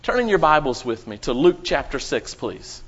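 A man's voice: fairly high pitch, sing-song, moderate pace, fairly bright tone, lo-fi sound, slight background noise. A man preaching a sermon to his congregation, with dramatic rising and falling emphasis.

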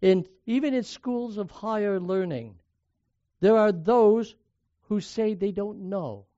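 A man's voice: high-pitched, slow pace, mellow, dry recording, lo-fi sound. An older man from the United States preaching a sermon, telling personal stories in a conversational way and raising and dropping his volume for emphasis.

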